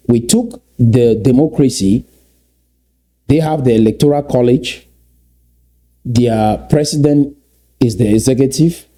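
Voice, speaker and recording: His voice is mellow and medium in pitch as this Cameroonian man lectures emphatically. Key phrases come back again and again, and he stretches words out to press his points.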